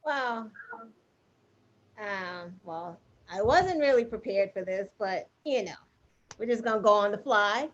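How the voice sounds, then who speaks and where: A woman co-host chatting casually, retelling a story in an animated, filler-heavy way. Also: mid-range voice, measured pace. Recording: muffled lo-fi audio.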